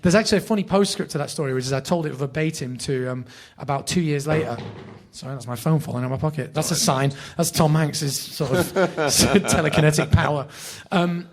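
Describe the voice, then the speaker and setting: Gravelly northern English man telling stories. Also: fairly high pitch, fairly quick, hardly any pauses. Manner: animated, self-deprecating, sweary. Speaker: actor, podcast guest. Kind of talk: anecdotal storytelling.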